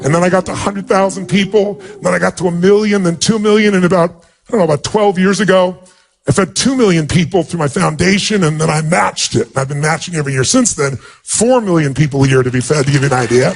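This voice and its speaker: A man's voice: high-pitched, quick pace, creaky. A man giving a motivational talk, telling a personal story in a heartfelt, emphatic way. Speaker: motivational speaker.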